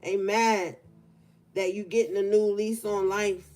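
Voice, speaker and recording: In a room beside an open window, a young tarot reader with a medium-pitched, steady, slightly mellow voice walks through a collective reading. Her manner is casual and conversational, with drawn-out words for emphasis.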